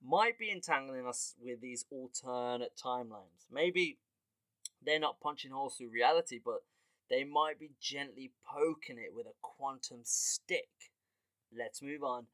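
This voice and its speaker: Animated, swearing podcast host man. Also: medium pitch, a little slow, no echo. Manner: animated, laughs often, swears casually. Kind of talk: casual comedic monologue.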